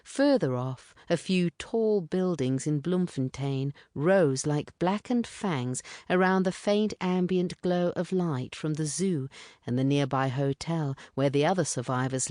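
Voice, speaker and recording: Woman reading an audiobook, low voice, dry close sound, measured pace. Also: mellow, dry recording. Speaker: audiobook narrator. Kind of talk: scripted literary narration.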